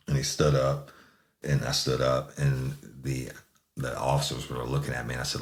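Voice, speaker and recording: A man's voice: rumbling low, little pitch movement, brisk. A middle-aged man, a former police sergeant, recounting a case in a profane, laid-back way.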